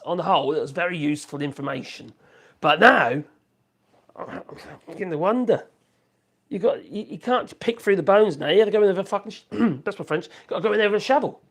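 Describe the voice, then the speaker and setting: Guy rambling on a home livestream, chatty, reacting to comments as he goes. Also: sits high. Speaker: political live streamer. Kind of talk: casual live-stream chat. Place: home office room with wood burner.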